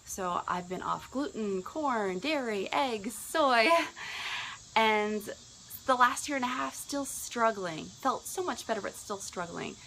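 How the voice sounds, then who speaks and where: A woman's voice: a little high, animated, slow pace, creaky, bright, forceful tone, slight background noise, low-quality recording. A woman in her early forties, a business coach, telling her own story in an earnest, conversational way. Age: 40s. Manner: earnest, conversational, with rises when quoting herself. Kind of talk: personal testimonial talk.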